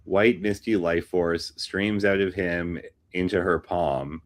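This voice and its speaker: A man's voice: low-pitched, fairly even intonation, slow. A man hosting a script workshop, reading scripts aloud and making dry, wry asides.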